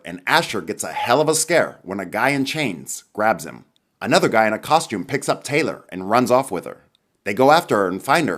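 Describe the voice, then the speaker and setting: A man narrating a scripted movie summary in a lively storytelling manner. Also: mid-range voice.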